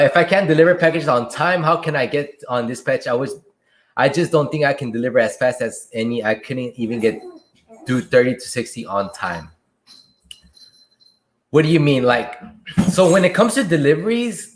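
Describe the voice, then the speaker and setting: A man hosting a casual livestream Q&A, reading viewer questions aloud and answering them in a relaxed way from a room at home. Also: medium pitch. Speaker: livestream host and delivery driver. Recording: echoey room.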